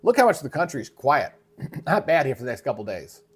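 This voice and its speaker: Very animated and quick, this male meteorologist leads a live weather briefing in a mid-range voice, chatting casually. A frog in his throat has him clearing it again and again.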